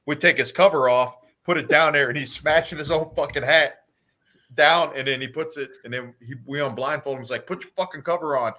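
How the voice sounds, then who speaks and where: A former Marine guest tells barracks prank stories on a livestream, swearing freely and laughing along. His voice is mid-pitched with a bright, forceful edge. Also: brisk. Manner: profane, laughing storyteller. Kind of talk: casual livestream chat.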